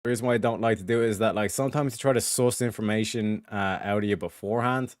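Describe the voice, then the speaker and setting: A man's voice: on the low side, steady tone, fast, no echo. Male streamer, casual profane rambler, dry close mic. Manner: rambling, profane, lots of filler phrases. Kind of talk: casual livestream chat.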